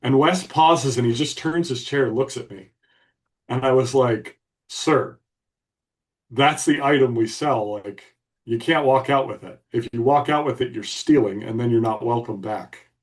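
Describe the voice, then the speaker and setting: This male podcast co-host delivers a casual story bluntly and with emphasis. Recorded from a distance, he speaks at an unhurried pace in a mid-range voice.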